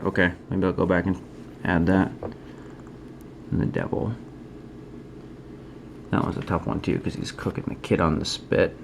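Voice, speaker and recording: A man's voice: sits low, little pitch movement, moderate pace, creaky, pauses often, slight background noise. A man who is a trading card artist, showing his work in a casual, rambling way, thinking aloud and criticizing his own choices. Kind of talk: casual show-and-tell.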